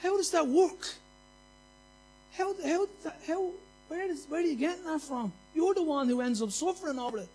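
Male preacher, very high voice, passionate and repetitive, folksy anecdotes from the pulpit. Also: moderate pace, darkish tone, faint music behind. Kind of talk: sermon.

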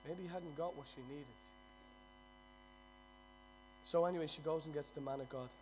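A man preaching a sermon, dropping to a hushed storytelling voice and rising to loud, emphatic declarations. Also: on the high side, normal speed, faint music behind, rough recording.

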